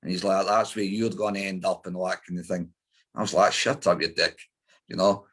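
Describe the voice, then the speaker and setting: A middle-aged Scottish man with an Edinburgh accent speaks in a low, flat, brisk voice. As an interview guest he tells his life story bluntly, with lots of swearing and fillers.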